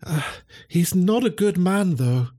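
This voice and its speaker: A man voicing a gentle, frightened female greyhound who speaks softly and falters. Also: a little high, very animated, a little slow, slightly rough, voice pushed up, exaggerated voice. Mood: sad. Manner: soft, faltering.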